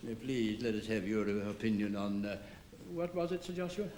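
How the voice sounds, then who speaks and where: A man's voice: on the low side, expressive, brisk, natural voice. An actor playing an older male judge who stammers, hesitates and chuckles wryly. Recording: echoey old film soundtrack with hiss.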